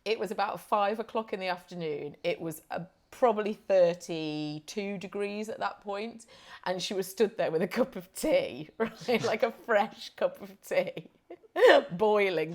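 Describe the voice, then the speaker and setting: A woman from the UK co-hosting a relaxed podcast chat. She tells stories, laughs often and keeps the talk light. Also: medium pitch. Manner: chatty storyteller, laughs often. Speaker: podcast co-host. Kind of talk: casual chat.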